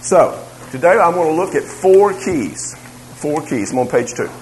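A man's voice: fairly high pitch, expressive, a little slow, slight background noise, poor audio. A man teaching a church Bible class about raising children. He talks conversationally, repeats his phrases and makes asides to the room.

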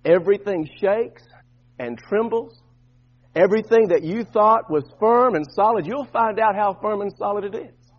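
A man preaching a sermon as pastor, swinging from loud bursts to soft, low asides. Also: moderate pace, muffled recording.

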